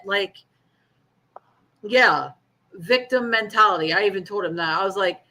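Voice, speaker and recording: A woman's voice: mid-range voice, moderate pace, long pauses, sharp tone. A woman co-hosting a casual chat, telling a dating story bluntly, swearing and laughing as she goes. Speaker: co-host.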